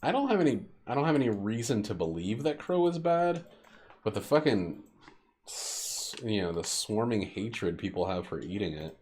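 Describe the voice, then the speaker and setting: A man's voice: on the low side, animated, moderate pace, darkish tone, a little hiss or hum. A young man streaming a game, rambling and joking profanely as he plays. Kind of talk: casual gameplay commentary.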